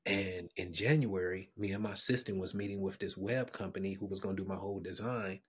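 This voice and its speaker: Husky-voiced man telling a lively story. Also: sits low, fairly quick. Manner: animated storyteller who acts out the people he quotes; drops to a hushed whisper for tender moments. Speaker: podcast guest. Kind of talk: storytelling in a podcast interview.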